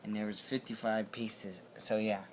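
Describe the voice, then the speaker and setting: A man's voice: lowish voice, little pitch movement, moderate pace, very noisy. A young man reviewing a toy wrestling ring at home in a rambling, loosely unscripted way, picked up by the camera mic. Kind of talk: casual video toy review.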